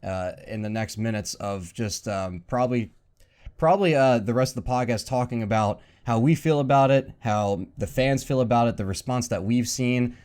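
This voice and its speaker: A man's voice: mid-range voice, normal speed, darkish tone, clean tone. A man hosting a podcast, chatting in a loose, laid-back way with lots of fillers. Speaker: podcast host. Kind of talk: casual podcast chat.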